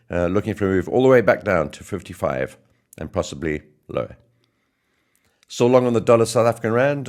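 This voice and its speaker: Male host, hoarse, very low voice, chatty market rundown with asides. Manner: chatty, self-correcting. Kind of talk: trading market update.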